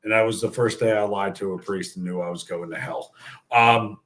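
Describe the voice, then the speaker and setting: A man's voice: fairly low pitch, fairly even intonation, a little fast, a bit bright. A man in his thirties from the Bronx with a New York accent, hosting a podcast and telling a crude, joking story. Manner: profane and joking. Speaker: podcast host.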